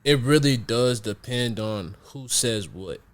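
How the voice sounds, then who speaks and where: Male podcast host, mid-pitched, reflective, rambling explanations full of "like.". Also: animated, slow pace. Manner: reflective, explains at length with many fillers. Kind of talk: casual podcast chat.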